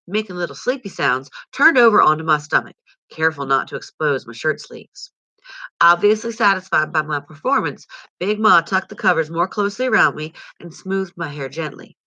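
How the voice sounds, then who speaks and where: A woman reading a novel aloud at home in an expressive storytelling way. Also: low-pitched, dry recording. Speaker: reader.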